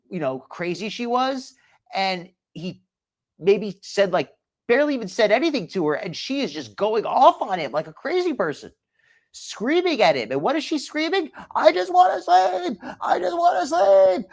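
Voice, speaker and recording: A man hosting live commentary on stream clips, his pitch swinging widely as he talks. He sounds incredulous and critical. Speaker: host.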